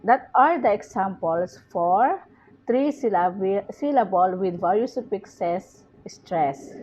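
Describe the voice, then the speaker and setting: A woman's voice: a little high, a little mellow. A young woman giving a class presentation, hesitant, with many fillers and restarts. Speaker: student presenting a lesson. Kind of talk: classroom presentation on word stress. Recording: dull lo-fi recording.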